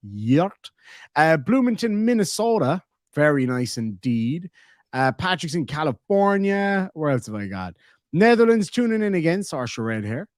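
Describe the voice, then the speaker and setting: A man's voice: fairly high pitch, sing-song, normal speed, dry recording, clean studio sound. An Irish man in his thirties hosting a live stream, joking and reading out viewer comments in casual chat. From Ireland. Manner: jokey, reads viewer comments aloud.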